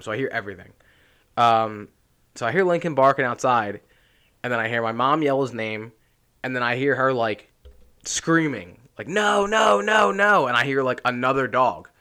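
A man's voice: mid-range voice, smooth. A young man, co-hosting a podcast and telling stories animatedly in casual chat, swearing often. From Philadelphia area. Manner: animated storytelling, swears a lot. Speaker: podcast co-host.

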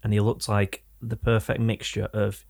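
A man's voice: lowish voice, monotone, normal speed, gravelly, darkish tone. A young man with an Oldham accent, co-hosting a podcast and telling rambling anecdotes in casual chat. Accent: Oldham, northern English. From England. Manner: rambling anecdotes, self-correcting. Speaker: podcast co-host.

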